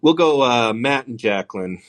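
A man's voice: mid-range voice, animated, normal speed. Casual, profane middle-aged male host. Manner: loose, profane, self-interrupting. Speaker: podcast host. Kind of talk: casual call-in chat.

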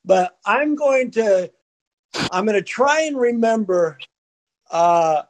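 A man's voice: high-pitched, animated, slow pace. A man hosting a casual call-in podcast, telling a long joke in a playful, rambling way. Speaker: podcast host. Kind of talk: casual chat and storytelling.

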